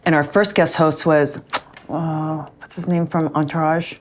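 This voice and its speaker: A woman guest in a casual chat, a former pro wrestler, easygoing and quick to agree. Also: low voice, flat delivery, slight background noise.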